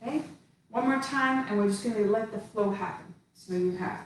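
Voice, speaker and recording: Lady leading tai chi, slow calm cues, far off in a really echoey room w/ faint hiss. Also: fairly high pitch. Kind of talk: guided movement class.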